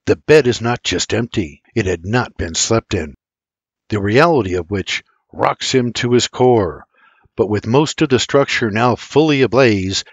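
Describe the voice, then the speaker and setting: A man's voice: on the low side, husky, dry recording, lo-fi sound. An older man reading an audiobook with intense, dramatic storytelling. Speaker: audiobook narrator. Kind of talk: scripted dramatic audiobook narration.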